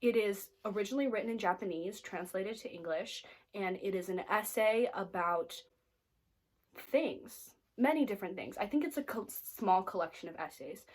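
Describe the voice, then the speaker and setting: A woman's voice: mid-range voice, animated, normal speed, husky. Chatty American woman book vlogger. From United States. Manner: chatty, lots of "like" fillers, playfully snarky. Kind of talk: casual reading wrap-up chat.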